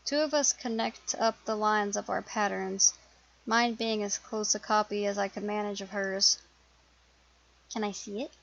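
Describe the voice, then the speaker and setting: A woman hosting a let's play, reading a visual novel aloud in a steady narrating voice with small slips. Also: medium pitch, moderate pace, vocal fry, dull audio.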